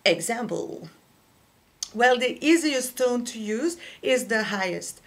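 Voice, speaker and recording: Slow-spoken French-speaking woman teaching singing. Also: a little high, lively intonation. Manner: slow, careful explaining with fillers. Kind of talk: vocal lesson with sung demonstrations.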